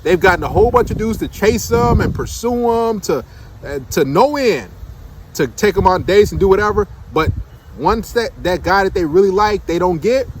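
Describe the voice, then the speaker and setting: Male commentator, higher pitch, blunt and emphatic monologue, faint background noise. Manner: blunt, emphatic, rhetorical questions. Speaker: dating commentator.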